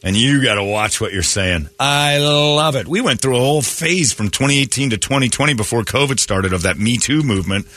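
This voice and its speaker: Brash, lively-voiced man on morning radio. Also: mid-range voice, a little fast, hardly any pauses. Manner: brash, mocking, slips into silly put-on voices. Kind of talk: crude comedic radio banter. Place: radio studio.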